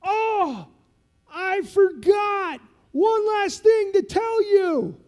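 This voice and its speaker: A man voicing a gruff, teasing male master sergeant who barks orders at a jumper and laughs at him. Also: extremely high pitch, lively intonation, very slow, a little mellow, big-room sound, voice pushed up, heavily acted. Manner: barking orders, mocking and laughing.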